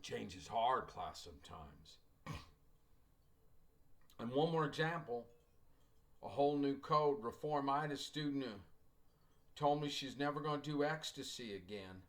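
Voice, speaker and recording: A man's voice: medium pitch, expressive, measured pace, long pauses, fairly bright tone. A middle-aged man teaching a writing class, telling casual anecdotes and acting out the dialogue in them. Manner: folksy storyteller, acts out quoted dialogue, joking asides.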